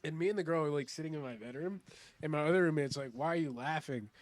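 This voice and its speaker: A man's voice: on the high side, rapid-fire, no echo. A young man, a comedian telling a story in casual chat, laughing often and swearing a lot. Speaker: comedian guest. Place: studio.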